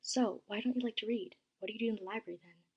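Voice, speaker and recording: A woman's voice: a little high, fairly even intonation, quick pace, breathy edge, dull audio. A woman reading as a chatty teenage library aide. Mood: curious. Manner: bubbly, talkative.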